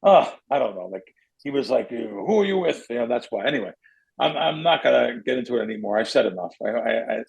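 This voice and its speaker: A man's voice: medium pitch, quick pace, creaky, slightly rough, poor audio. A middle-aged man hosting a podcast, telling a long story in a rambling way, often correcting himself as he goes. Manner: rambling, self-correcting, animated. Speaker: podcast host. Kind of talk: casual storytelling.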